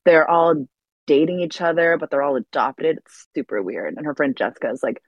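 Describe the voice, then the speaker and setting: A woman's voice: low voice, a little fast, breathy edge, dry recording, dull audio. Enthusiastic woman retelling a story. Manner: enthusiastic, animated plot summary with frequent laughs. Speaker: podcast co-host. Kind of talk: casual podcast chat.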